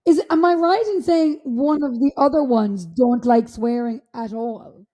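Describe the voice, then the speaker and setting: A woman's voice: high voice, normal speed, warm tone. An Irish woman co-hosting a podcast, chatting easily and laughing as she jokes about slang. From Ireland. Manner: easygoing, laughing, playful with slang. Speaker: podcast co-host. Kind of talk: casual chat.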